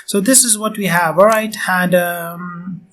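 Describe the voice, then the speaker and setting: Male tutorial instructor, slightly high voice, loose and chatty with many fillers, faint noise and mouse clicks behind. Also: steady tone, unhurried, fairly bright tone. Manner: chatty, filler-heavy, addresses viewers as guys. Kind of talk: casual screen-recorded tutorial.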